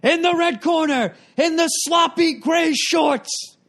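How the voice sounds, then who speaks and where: A man putting on the voice of a brash male ring announcer who mocks the fighters as he introduces them, with drawn-out, booming delivery. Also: fairly bright tone, full character voice. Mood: mocking hype.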